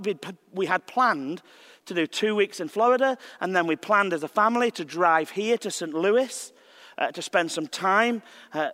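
A man, preaching as a visiting minister and telling a personal story in a gentle, reflective way with slow pauses. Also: high voice, in a large hall. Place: church sanctuary.

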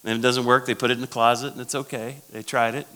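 A man's voice: medium pitch, little pitch movement, quick pace, sharp tone, clear, resonant tone. A man, a pastor, giving a sermon-style leadership talk at a conference, telling stories and repeating his key phrases. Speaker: pastor speaking at a church conference.

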